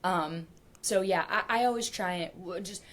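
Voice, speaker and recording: A woman's voice: on the low side, moderate pace, a bit bright. A woman who works as an actor, a guest on a podcast, chatting candidly and loosely and swearing freely. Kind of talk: casual chat.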